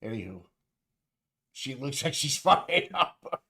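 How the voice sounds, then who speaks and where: A man's voice: mid-range voice, sing-song, takes it slowly, sharp tone, breathy edge. Profane, rambling male stream host. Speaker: livestream co-host. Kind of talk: casual livestream chat.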